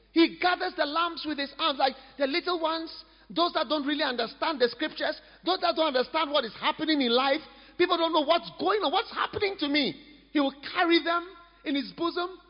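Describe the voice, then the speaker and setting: A male pastor, preaching a lively, humorous sermon in a church. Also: very high voice, moderate pace. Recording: echoey hall, dull lo-fi sound.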